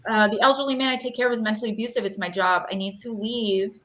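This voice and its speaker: In her thirties, an intuitive card reader gives chatty, rambling readings on a live stream from an echoey room, full of fillers and emotion. Her voice is on the high side, steady in tone, fast, and fairly bright.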